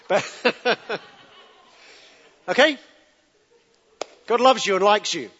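A man with a fairly high voice preaches a sermon to a live congregation, chatty and direct, coaxing them to repeat words after him. The sound is dull and lo-fi, and his voice rings with a long hall reverb. He keeps it loose and conversational rather than grand. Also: a bit bright, breathy edge. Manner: conversational, asks the congregation to answer back.

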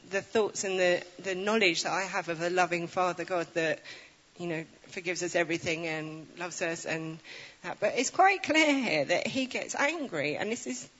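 A woman giving an informal, chatty sermon, reading scripture aloud with animated storytelling and self-deprecating asides. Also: fairly low pitch. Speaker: preacher. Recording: reverberant, dull lo-fi sound.

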